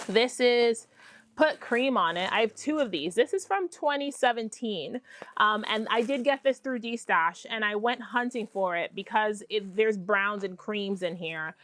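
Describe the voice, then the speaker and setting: A woman hosting a casual crafting vlog, talking in a chatty, excitable way with self-deprecating asides. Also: a little high. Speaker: podcast host.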